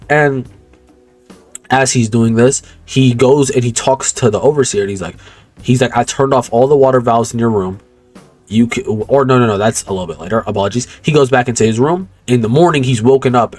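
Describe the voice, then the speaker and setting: A man's voice: mid-range voice, darkish tone. A young man casually recapping a movie plot, rambling, slangy and profane, often stopping to correct himself. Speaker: movie commentator.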